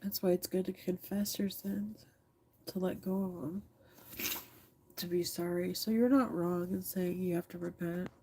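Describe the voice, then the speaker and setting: A woman in her thirties, teary and frank, streams from her phone camera and reads the live chat, swearing freely and talking back to commenters. Her voice is fairly low with fairly even intonation at a normal speed, with background noise.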